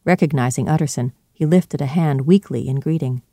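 A narrator reading a storybook in a calm, measured way. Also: medium pitch, no room sound, studio quality.

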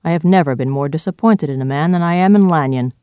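A reader voicing a fifty-year-old male doctor in a storybook reading, earnest and pleading but turning sharp and firm when pressed. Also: mid-range voice, fast talker, clean tone, no room sound, clean studio sound, natural voice. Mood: exasperated.

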